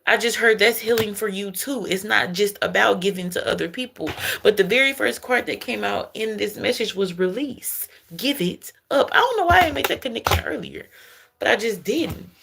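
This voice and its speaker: A woman's voice: medium pitch, expressive, normal speed, creaky, fairly bright tone, a little hiss or hum. A woman giving a casual spiritual card reading. She is chatty, calls her listeners baby and keeps asking if they understand. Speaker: intuitive card reader.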